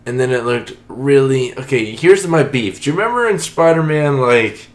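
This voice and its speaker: A man's voice: medium pitch, very animated, moderate pace. A young man hosting a casual podcast, joking and rambling. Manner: joking, rambling, doing silly voices. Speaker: podcast host. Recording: echoey room, distant mic, faint noise.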